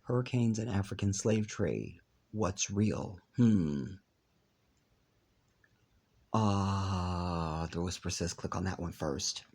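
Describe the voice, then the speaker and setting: A man talks slowly in a rambling monologue, addressing his viewers directly. He reads passages aloud and skips through them with filler. His voice is gravelly and husky. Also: low-pitched, darkish tone. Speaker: video channel host. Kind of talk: solo monologue reading aloud.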